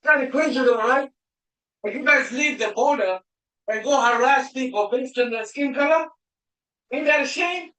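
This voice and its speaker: A man working as a driver, confronting officers, challenging them with heated questions and sometimes shouting. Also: extremely high pitch, moderate pace, reverberant, low-quality recording.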